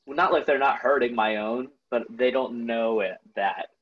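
A man's voice: medium pitch, normal speed, slightly rough, muffled recording. A young man chatting casually on a podcast, earnest and full of fillers. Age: young adult. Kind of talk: casual chat.

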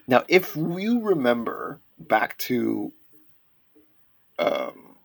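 A man co-hosting a casual comic book discussion, chatty and quick to recap scenes with quoted lines. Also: mid-range voice, wildly swooping pitch, vocal fry, no echo. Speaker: podcast co-host.

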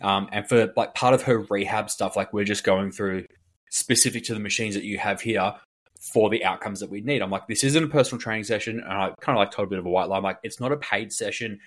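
A man's voice: on the low side, fast talker. A man, a fitness coach, chatting casually on a podcast and telling a long story full of filler words while acting out what other people said. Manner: rambling storyteller, heavy filler words, acts out quoted people.

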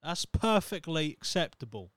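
Speaking with a fairly high pitch that swings widely, a Norfolk man in his thirties chats through his solo podcast at a moderate pace, cursing and mocking himself as he wanders. The sound is dry and clean, like a studio.

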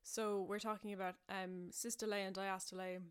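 A woman's voice: mid-range voice, flat delivery, normal speed, clear, resonant tone. A young Irish woman hosting a podcast, telling stories in a chatty, self-mocking way, with lots of fillers and frequent laughs. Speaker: podcast host. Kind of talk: casual storytelling podcast.

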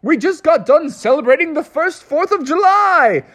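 An adult storyteller voicing a group of jolly, welcoming old-time gentlemen. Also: sits high, animated, normal speed, voice pushed up.

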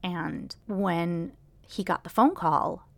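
A young woman with a lowish voice tells a personal story on her podcast. She talks haltingly, with many restarts and fillers, and often sinks into a near whisper. The sound is close and dry, with no room around it. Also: expressive, no echo. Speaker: podcast host.

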